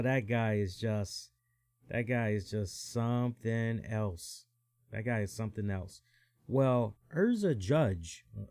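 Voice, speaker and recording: A man's voice: on the low side, warm tone, no room sound, studio quality. A man hosting a wrestling podcast, talking loosely in a casual chat and repeating his phrases. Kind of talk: casual chat and reading a quote aloud.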